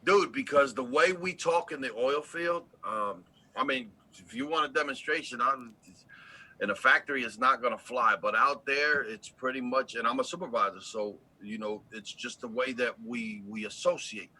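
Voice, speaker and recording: A man with a very bright, sharp-edged voice talks bluntly about his work in a relaxed livestream chat. He is profane and animated when he tells a story, and he sits at a middle pitch for a man. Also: moderate pace, husky, rough recording. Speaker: oil rig supervisor, guest.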